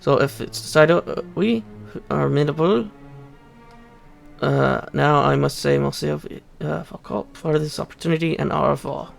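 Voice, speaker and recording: A man's voice: a little high, normal speed, creaky, soft background music. A man voicing a flamboyant, fashion-obsessed video game courtier, putting on theatrical French flair. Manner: theatrical, sprinkling in mock French words.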